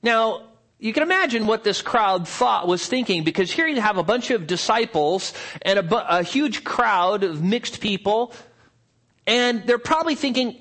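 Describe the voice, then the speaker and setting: A pastor preaching a sermon at a church service, explaining earnestly and asking rhetorical questions. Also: male voice, sits high, animated, moderate pace, a bit bright.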